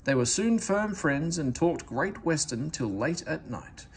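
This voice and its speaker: A man reading a children's train storybook aloud, with expressive narration. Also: a little high, a little slow, a little hiss or hum. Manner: expressive, lively character reading. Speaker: storybook reader.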